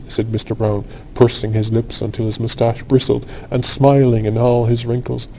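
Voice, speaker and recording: Guy reading a bedtime audiobook, mellow voice, calm and steady. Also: medium pitch, moderate pace, gravelly, few pauses, slight background noise, rough recording. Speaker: audiobook narrator. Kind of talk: scripted narration of a classic story for sleep.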